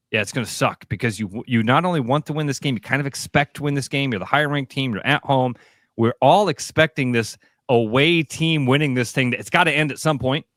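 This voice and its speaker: A man's voice: medium pitch, a bit bright, no echo, clean studio sound. A man co-hosting sports radio, talking animatedly with frequent restarts and some swearing.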